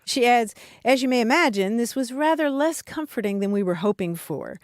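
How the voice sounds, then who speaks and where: A woman co-hosting a radio show. Her voice sits a little high and sounds close and dry in the studio. She reads listener letters aloud and chats in a relaxed, conversational way. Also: moderate pace, no room sound. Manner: reads listener emails aloud, warm laughing asides. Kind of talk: casual radio chat.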